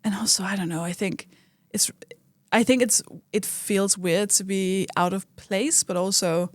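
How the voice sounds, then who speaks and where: A woman's voice: medium pitch, steady tone, measured pace, no room sound. A woman comedian from Denmark, chatting casually on a podcast and often laughing while she acts out quotes. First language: Danish. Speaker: comedian guest.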